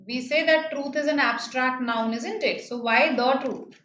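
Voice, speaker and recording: A woman's voice: high voice, measured pace, a bit bright. A woman with an Indian English accent teaching an online grammar lesson, explaining patiently and checking in with her students. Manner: explains patiently, repeats key phrases, checks with "right?". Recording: slightly dull, roomy, faint noise.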